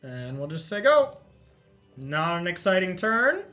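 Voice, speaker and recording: A man hosting a card game session, thinking aloud as he counts and checks his plays in relaxed, self-amused commentary. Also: high voice, a little slow, faint music behind. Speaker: host playing a card game. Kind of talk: casual gameplay commentary.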